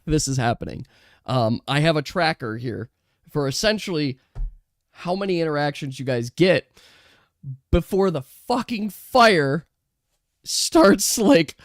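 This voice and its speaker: Recorded on a close, dry mic with no echo, a game master narrates a tabletop game with lively energy. His medium-pitched voice is broken up by laughter and quick asides to the players.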